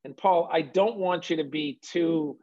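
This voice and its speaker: A man's voice: fairly high pitch, unhurried, a little mellow, muffled recording. A man hosting an interview, talking in a loose, rambling way and correcting himself as he goes. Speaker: host. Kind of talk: conversational radio interview.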